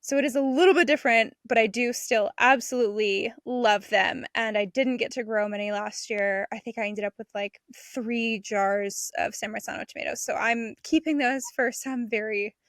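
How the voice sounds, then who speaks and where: A young adult woman talks gardening in a casual podcast chat, bubbly and eager. Her voice is fairly high and crisp, with a bright, forward edge. The sound is close and dry, with no room around it. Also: steady tone, normal speed, few pauses, no echo. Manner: chatty and enthusiastic, laughs between thoughts. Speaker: podcast co-host and homesteader.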